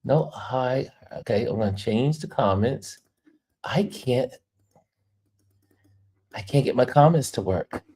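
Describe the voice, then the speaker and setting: A woman from New York chats through a travel livestream with a very deep, dark voice. She takes her time and lets her pitch swing widely. She laughs often as she tells her stories. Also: slow, long pauses, slightly rough. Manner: animated, laughs often while telling stories. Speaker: travel vlogger and livestream host. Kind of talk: casual livestream storytelling.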